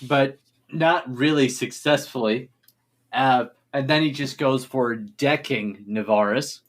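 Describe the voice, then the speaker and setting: A man narrating a tabletop game as game master in a playful, animated storytelling manner. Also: medium pitch.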